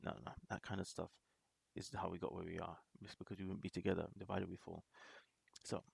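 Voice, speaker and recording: A man's voice: deep voice, little pitch movement, brisk, creaky, darkish tone, breathy edge, no room sound. A man hosting a reaction video, talking in casual commentary that rambles with restarts and small laughs.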